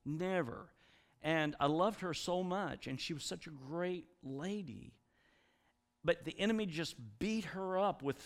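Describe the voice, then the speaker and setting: A man's voice: fairly high pitch, unhurried. A middle-aged man preaching a sermon, telling stories and acting out the voices of the people he quotes. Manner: animated storytelling, mimics the voices he quotes.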